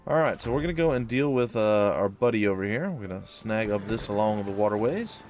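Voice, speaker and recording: A man's voice: fairly low pitch, animated, a little fast, darkish tone, soft background music. A young man giving casual, wry commentary over a strategy game as he plays. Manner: wry, sarcastic, puts on silly voices for enemies. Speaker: let's play host.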